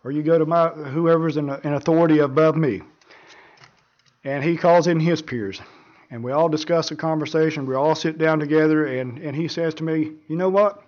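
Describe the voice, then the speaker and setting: A man's voice: a little high, steady tone. Earnest preaching man, lo-fi sound. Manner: earnest, measured preaching with frequent repeated words. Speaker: pastor. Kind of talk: sermon.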